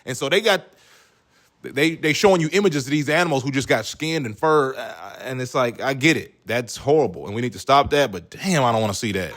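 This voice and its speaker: A man's voice: mid-range voice, animated, brisk, a bit bright. A male comedian giving loose, joking reaction commentary full of slang and asides. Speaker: comedian, video host.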